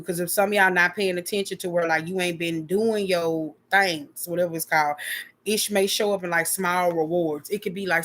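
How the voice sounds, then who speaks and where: A young woman giving a casual tarot reading, talking in a loose, slangy, profane way with lots of repeated filler phrases and quick acted-out quotes. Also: fairly low pitch, fairly bright tone. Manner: drops into quick acted-out quotes of imagined people. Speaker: tarot reader.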